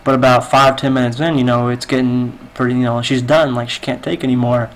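Over game voice chat, a man tells a long dirty joke through a headset mic, rambling and stuffing it with fillers. His mid-range voice has little pitch movement and a brisk pace. The recording is rough.

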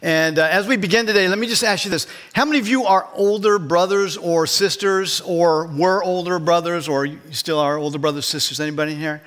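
High-voiced man preaching a sermon. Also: a bit bright. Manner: conversational, asks the congregation questions. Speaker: pastor. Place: church.

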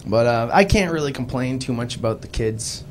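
A man's voice: medium pitch, normal speed, slight background noise. A young man with a Boston accent doing a live stand-up comedy set, telling self-deprecating stories and acting out the voices in them. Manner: self-deprecating, animated storytelling with voiced quotes. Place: live club stage.

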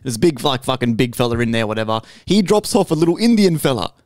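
A young man telling a story on a podcast, animated and full of swearing, checking in with "right?" as he goes. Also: mid-range voice, fast, dry recording, studio quality. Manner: animated, swears constantly, keeps adding "right?". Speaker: podcast host. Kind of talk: casual storytelling chat.

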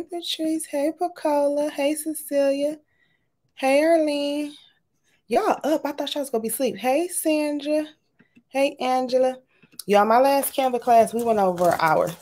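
A woman, hosting a casual craft livestream from home, chatting and greeting viewers by name in an animated way. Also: mid-range voice. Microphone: webcam or laptop camera.

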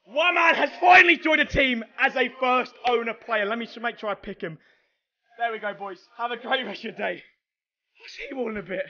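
A young man talks through his gameplay late at night, worn out yet easily fired up. His voice sits high and sharp, and he stumbles over restarts before bursting into shouts. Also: a little fast, lo-fi sound. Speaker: gaming YouTuber. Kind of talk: excited gameplay commentary.

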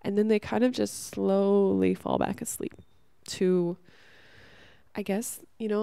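A woman's voice: medium pitch, steady tone, measured pace, vocal fry, dark tone, smooth, no room sound. A young woman giving an earnest, casual motivational talk, swearing now and then. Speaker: host.

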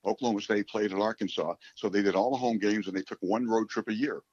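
A man in his seventies from New York City, a radio play-by-play announcer, telling rambling, animated stories in a casual interview. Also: lowish voice, fast, breathy edge, dry recording. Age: 70s. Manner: animated, rambling storyteller who acts out quotes. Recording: dull, dry recording.

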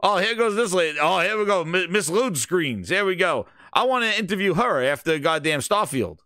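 A man hosting a live gaming reaction stream, loud, excitable and profane. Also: sits high, normal speed, no echo, clean studio sound. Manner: loud, excitable, profane, laughs at his own jokes. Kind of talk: casual live reaction commentary.

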